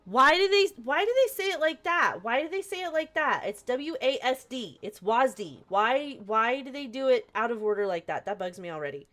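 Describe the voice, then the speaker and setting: A young woman rambles through a live game stream, her voice bouncing around with lively swings in pitch. She chats casually and playfully, tossing out asides as she goes. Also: a little fast, hardly any pauses. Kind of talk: casual chat while playing a game on stream.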